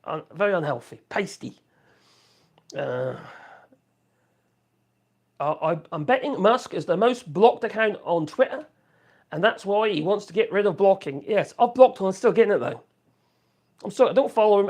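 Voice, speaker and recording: A man's voice: high voice, expressive, moderate pace, long pauses, darkish tone. A man chatting casually on a live stream from his home office, rambling and reacting to viewer comments. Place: home office room with wood burner.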